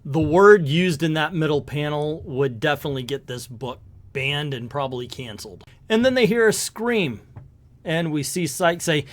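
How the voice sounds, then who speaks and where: A man's voice: fairly high pitch, normal speed. A man reviewing a comic book in casual commentary, hesitant and rambling, with many fillers.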